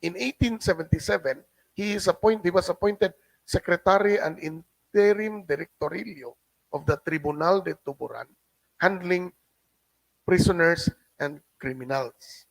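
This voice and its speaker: A middle-aged man with a Cebuano accent, giving a halting lecture as a guest speaker and often adding a questioning "no?". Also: sits high, gravelly, no room sound, low-quality recording. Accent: Filipino, Cebuano. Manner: halting, with frequent restarts and tag "no?". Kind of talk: lecture reading a translated document. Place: hotel function room.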